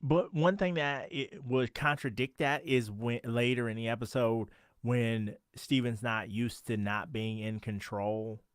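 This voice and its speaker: A man's voice: medium pitch, steady tone, unhurried, clear, resonant tone, no room sound, clean studio sound. A man co-hosting a podcast, recapping a TV episode in casual chat and laughing often. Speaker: podcast co-host.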